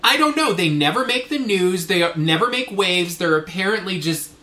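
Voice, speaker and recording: A man co-hosting a podcast, telling rambling, animated stories in casual chat. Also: high voice, normal speed. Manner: rambling, animated storytelling with fillers. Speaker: podcast co-host. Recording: echoey room, faint noise.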